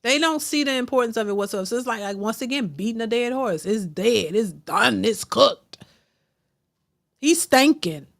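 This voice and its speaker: A woman's voice: on the high side, animated, moderate pace, vocal fry, a bit bright. A woman hosting a reaction video, giving an emphatic, repetitive commentary rant and mocking the people she criticizes. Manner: emphatic, repetitive, preachy, mocking voices of others. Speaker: reaction channel host.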